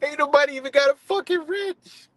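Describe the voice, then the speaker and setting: High-pitched man in a profane rant. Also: brisk, fairly bright tone. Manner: aggressive, profane, mocking rant. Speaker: livestream host. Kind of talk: profane ranting livestream.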